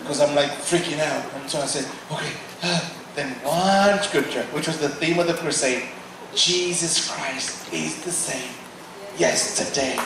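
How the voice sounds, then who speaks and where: A man giving a testimony sermon as guest preacher, telling the story in a lively way and acting out the people in it. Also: a little high, background noise. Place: large hall at a church service. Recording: echoey hall from far off, with audience.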